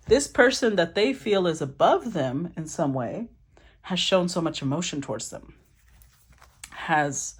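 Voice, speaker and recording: A woman giving a casual tarot reading, talking in an animated, blunt way and swearing casually. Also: low voice, noisy background. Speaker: tarot reader.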